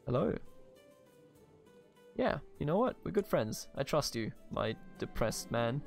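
A man's voice: mid-range voice, very animated, unhurried, gravelly, long pauses, faint music behind. A man giving casual, playful gameplay commentary as a let's play host, reading event text aloud and swearing casually.

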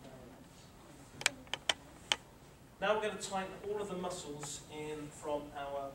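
A man's voice: a little high, normal speed. A man giving a live workshop talk on handling anxiety, leading the room through a guided relaxation exercise, repeating his instructions and checking that they follow. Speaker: sports psychology presenter. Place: lecture room with a live audience. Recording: echoey room, far from the mic, loud noise.

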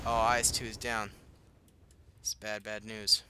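A man's voice: on the low side, level tone, a little slow, sharp tone. A young man casually commenting as he plays a war strategy game, reacting aloud and laughing at himself. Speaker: gaming channel host. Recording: faint game noise behind.

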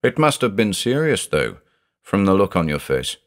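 A man voicing a stern male psychiatrist who speaks in a sharp, clipped, professional way. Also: deep voice, sing-song, normal speed. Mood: brisk.

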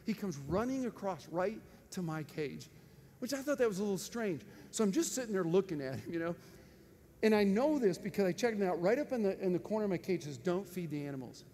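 A man preaching with an animated storytelling manner, laughing often and breaking into sudden loud outbursts. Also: sits high, fairly quick. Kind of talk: storytelling sermon. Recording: faint noise and long hall reverb.

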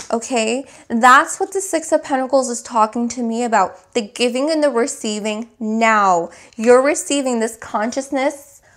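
Woman tarot reader with a slightly high voice, unhurried and emphatic, coaching listeners through affirmations. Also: fairly bright tone. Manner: searching for words. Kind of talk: spiritual tarot reading.

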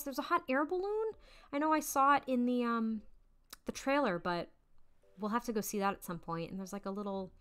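Bubbly, bright-voiced young woman gamer. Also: a little high. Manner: bubbly and giggly. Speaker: gaming YouTuber. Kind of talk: let's-play commentary.

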